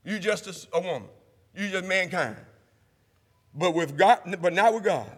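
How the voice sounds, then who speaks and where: High, bright-voiced preacher in a church. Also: male voice, animated, normal speed. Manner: call-and-response preaching, building to shouts. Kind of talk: sermon. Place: church sanctuary. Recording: long hall reverb.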